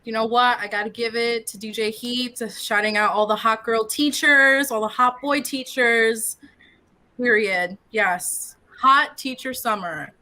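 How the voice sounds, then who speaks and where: A woman's voice: on the high side, steady tone, measured pace, sharp tone. A young woman from Illinois, a student co-hosting an awards ceremony over a video call in an upbeat, playful way. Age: young adult. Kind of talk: casual hosting chat.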